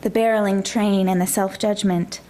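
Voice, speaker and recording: A woman minister preaching a gentle, reflective sermon in a church. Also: mid-range voice, steady tone, normal speed.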